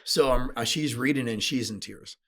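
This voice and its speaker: A man's voice: medium pitch, brisk, a bit bright. A middle-aged man from the USA, a sales and leadership speaker, telling candid stories in an interview, blunt and emotional, swearing casually.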